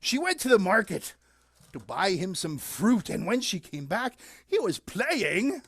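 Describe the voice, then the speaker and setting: Theatrical puppet show narrator, lively pitch, dry room, no reverb. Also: measured pace, slightly rough.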